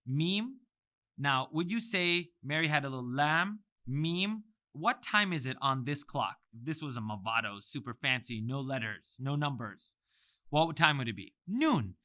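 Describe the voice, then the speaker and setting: A man's voice: mid-range voice, unhurried. A man teaching the Arabic alphabet in a playful lesson, drawing out sounds with lots of energy. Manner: animated, playful, exaggerated sounds.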